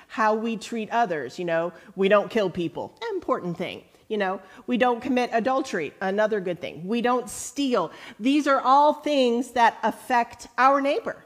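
A woman pastor delivering a sermon at an unhurried, measured pace, with a voice that sits a little on the high side. She quotes scripture slowly and deliberately and rises into earnest, emphatic questions for her listeners. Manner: earnest preaching, rising to lively emphatic questions; slow, deliberate quoting of scripture.

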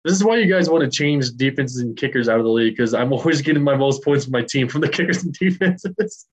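A man's voice: medium pitch, lively intonation, fast talker, slightly rough, low-quality recording. Profane, ranting man on a podcast. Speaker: podcast co-host. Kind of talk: casual podcast chat.

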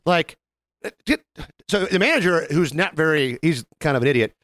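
A man's voice: fairly high pitch, moderate pace, dry recording. A man co-hosting a casual podcast, telling stories with animation, acting out the people in them and swearing freely. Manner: animated, acts out customer quotes, swears freely. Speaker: podcast co-host. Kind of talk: casual chat, storytelling.

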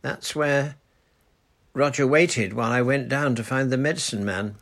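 A man voicing an eager, imaginative young girl. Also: moderate pace. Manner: eager, high and bright.

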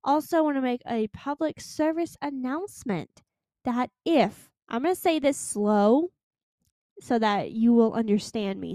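A woman in her twenties from Florida, hosting a casual solo podcast, chatty and emphatic, slowing down to stress her points. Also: on the high side, expressive, mellow, no echo, studio quality. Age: 20s. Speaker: podcast host.

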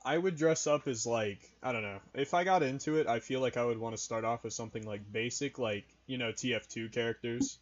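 A man's voice: mid-range voice, fairly quick, hardly any pauses. A teenage boy co-hosting a casual podcast, teasing friends and rambling with lots of fillers. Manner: rambling, many "like"s, playful teasing. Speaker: podcast co-host asking questions. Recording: dull lo-fi mic.

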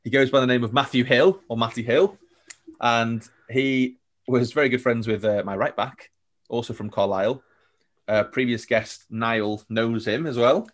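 A man's voice: medium pitch, moderate pace. A young man telling stories as a podcast guest, chatty and rambling, laughing often. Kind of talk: casual storytelling chat.

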